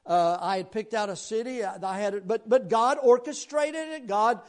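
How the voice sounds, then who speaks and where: A middle-aged man from Tennessee with a Southern accent, preaching a sermon in a folksy, rambling way with sudden loud bursts. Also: sits high, normal speed. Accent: Southern American. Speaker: pastor.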